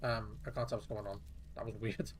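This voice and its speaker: A man's voice: fairly low pitch, level tone, brisk, background noise. A man giving casual gameplay commentary, muttering to himself in an offhand and profane way. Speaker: gameplay streamer.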